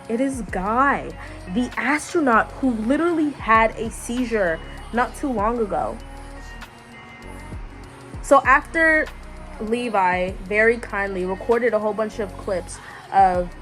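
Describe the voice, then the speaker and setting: A young woman vlogging casually about a book she is reading, chatty and quick to gasp and laugh. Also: a little high. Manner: chatty, reacts loudly with gasps and laughs. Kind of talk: casual reading vlog reactions.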